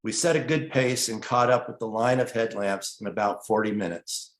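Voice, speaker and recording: A man telling his own story in an earnest, measured way, narrating at a steady pace and getting emotional at times. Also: lowish voice, roomy sound. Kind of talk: personal storytelling, partly read narration.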